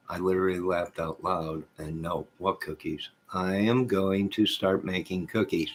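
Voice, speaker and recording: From his home, where goats can be heard nearby, a man reads his livestream chat and playfully ribs viewers by name. His low-pitched voice stays steady and unhurried with few pauses, over a little background hiss or hum.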